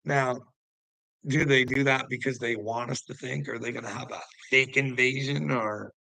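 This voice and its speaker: Male vlogger, gravelly and bright-edged, preachy and taunting, rambling monologue, dry close mic. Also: medium pitch, steady tone, moderate pace, no echo, rough recording. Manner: preachy and taunting, jumps between topics, laughs to himself. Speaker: vlogger answering commenters. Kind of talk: casual rambling monologue to viewers.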